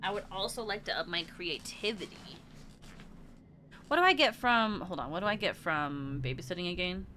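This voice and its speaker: A woman's voice: lowish voice, expressive, moderate pace, sharp tone, a little hiss or hum. A woman streamer chatting casually while playing a video game, thinking aloud and trailing off into murmurs. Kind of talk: casual let's-play commentary.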